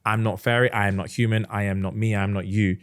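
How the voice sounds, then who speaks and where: A podcast co-host tells a story in casual chat. His voice sits a bit low and he keeps slipping into animated voices for each character. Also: clear, resonant tone. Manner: animated, acts out characters in quick changing voices.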